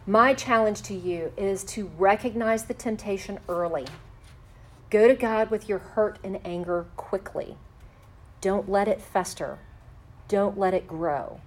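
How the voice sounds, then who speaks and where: A woman talks through a faith-based lesson in measured steps. She slows down for the phrases she wants to land. Her pitch sits in a middle range for a woman. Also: slight background noise. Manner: measured and step-by-step, slowing for key phrases. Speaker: teacher on forgiveness. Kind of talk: faith-based instructional talk.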